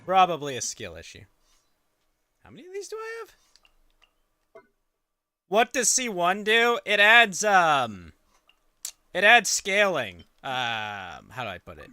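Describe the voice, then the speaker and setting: A man's voice: sits high, animated, unhurried, bright, forceful tone, clean tone, no echo. A man streaming a game, chatting casually in a wry, rambling way with offhand swearing. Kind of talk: casual gameplay commentary.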